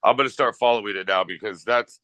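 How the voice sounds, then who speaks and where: A man's voice: fairly low pitch, fast, pushed and bright, no echo, rough recording. A middle-aged man, a rock musician as interview guest, speaking earnestly and reflectively in long thoughtful sentences. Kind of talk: interview conversation.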